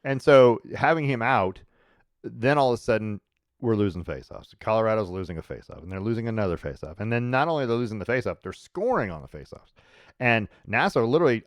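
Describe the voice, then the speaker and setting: A man's voice: medium pitch, no echo. Rambling man talking sports, dry sound. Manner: rambling, with frequent restarts and laughs. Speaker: sports podcast host. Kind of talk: casual sports chat.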